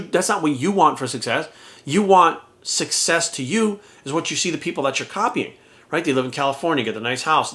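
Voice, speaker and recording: A man's voice: on the high side, a bit bright. Blunt, swearing man ranting to camera. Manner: blunt, profane, heated. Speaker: fitness coach and YouTuber. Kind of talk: casual talk to camera.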